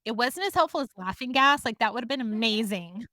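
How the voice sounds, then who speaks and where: Speaking a little fast in a slightly high, expressive, pushed and bright voice, a woman co-hosts a podcast recorded cleanly in a studio with no echo. She tells stories in easygoing chat and laughs a lot.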